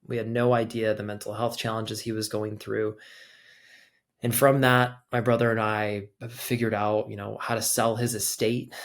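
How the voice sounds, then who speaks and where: A man's voice: fairly low pitch, gravelly. A young adult man, a podcast guest, telling a personal story in loose, casual conversation, peppered with "like". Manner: loose, conversational, heavy use of filler "like".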